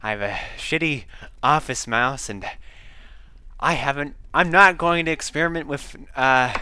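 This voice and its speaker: A man chatting his way through a game in a bright, forward voice, full of rambling, self-deprecating asides. He sits close to his desk mic, and his breathing comes through into it. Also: medium pitch, a little slow, smooth, dry recording. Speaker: game commentator. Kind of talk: casual let's-play commentary. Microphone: desk microphone close up.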